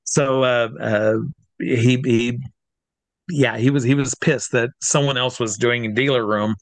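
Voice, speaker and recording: Man telling lively anecdotes, dry sound. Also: medium pitch, measured pace, no room sound. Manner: animated anecdotes with acted-out quotes. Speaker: guest. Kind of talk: casual storytelling.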